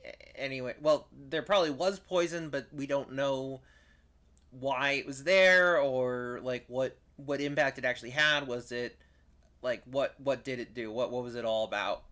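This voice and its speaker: Rambling let's-play streamer, bright voice. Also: mid-range voice. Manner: rambling, halting with fillers. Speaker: game streamer. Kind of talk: casual let's-play commentary.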